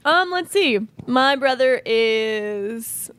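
A woman's voice: fairly high pitch, lively intonation, drawn-out words, fairly bright tone, clean tone. A young woman chatting as a podcast guest, giggly and hesitant with many fillers. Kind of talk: casual podcast banter.

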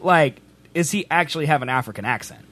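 A man's voice: fairly high pitch, fast, a bit bright, faint music behind. A young man co-hosting a podcast, joking around in casual banter and laughing often. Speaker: podcast co-host.

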